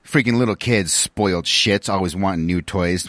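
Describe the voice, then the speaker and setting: A man's voice: deep voice, normal speed, a bit bright, dry recording. A man hosting a podcast, rambling in an irreverent, profane, mock-preachy way. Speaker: podcast host. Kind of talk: casual podcast intro monologue.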